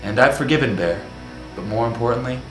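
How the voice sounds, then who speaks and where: A man playing a remorseful man who has made peace, speaking calmly and haltingly in an echoey room with music playing. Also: mid-range voice, close to an everyday voice.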